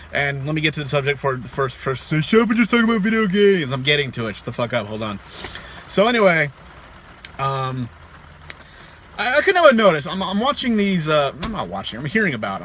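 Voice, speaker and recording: A young man ranting to camera about video games, swinging between muttered asides and loud, exasperated outbursts. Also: mid-range voice, slight background noise. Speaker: gaming vlogger. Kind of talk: profane rant to camera.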